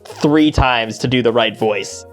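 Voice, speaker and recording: Male podcast co-host, mid-pitched, loose and filler-heavy, casual cursing. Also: a little slow, soft background music. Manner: relaxed, lots of fillers, swears casually. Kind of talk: casual chat.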